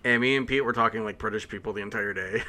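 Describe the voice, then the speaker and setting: A man's voice: lowish voice, fast, sharp tone. A man hosting a casual podcast chat, eager and rambling as he talks. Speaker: podcast host.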